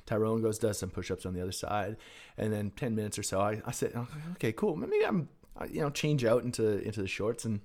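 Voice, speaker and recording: Male podcast guest with a lowish voice, casual and salty, dropping quiet then bursting loud. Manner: animated, profane, swings between hushed and loud. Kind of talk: casual personal storytelling.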